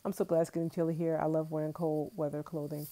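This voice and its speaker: A woman's voice: deep voice, little pitch movement, fast talker, warm tone. A young woman from Brooklyn, chatting casually on a livestream, reading viewer comments and laughing often. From Brooklyn, New York. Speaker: vlogger on a livestream.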